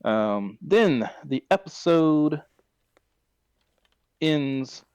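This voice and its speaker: A man's voice: fairly high pitch, expressive, extremely slow, a little mellow, smooth, no room sound. A man hosting a podcast, recapping a story in casual chat and often correcting himself mid-sentence. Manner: rambling, self-correcting retelling. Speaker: podcast host.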